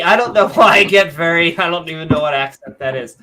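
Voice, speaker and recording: A woman's voice: on the low side, fairly quick, few pauses, sharp tone, slight background noise. A woman co-hosting a casual livestream chat, joking and rambling with chuckling asides. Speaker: co-host.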